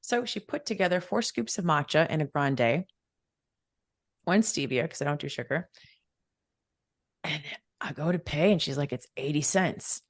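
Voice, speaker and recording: A woman's voice: low voice, expressive, normal speed, long pauses, dry recording, studio quality. A middle-aged woman, a wealth mentor, telling a personal story as a podcast guest, emphatic and repetitive as she acts out the dialogue.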